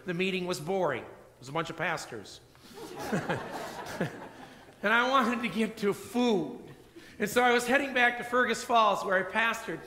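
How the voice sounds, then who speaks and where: A man preaching a sermon as pastor, telling a personal story and acting out the dialogue in a quieter voice. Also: high voice. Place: church sanctuary. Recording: echoey church hall reverb.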